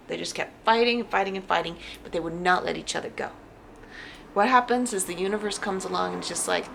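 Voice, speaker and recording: Gravelly-voiced woman reading tarot. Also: on the low side, fairly quick, slight background noise. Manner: animated, emphatic repetition. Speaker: tarot reader. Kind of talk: casual tarot reading to camera.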